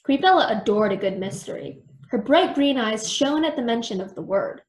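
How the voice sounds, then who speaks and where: A woman with a high voice reads a children's storybook aloud, narrating with expression. The sound is echoey, as in a bare room. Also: animated, moderate pace, darkish tone. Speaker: storytime reader. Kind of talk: reading a children's book aloud.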